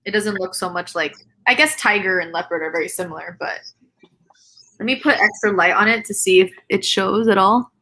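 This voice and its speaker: A woman's voice: mid-range voice, a little fast, background noise. A woman chatting casually as a guest on a live makeup stream over a video call, giggling often and trailing off mid-sentence. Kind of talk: casual chat.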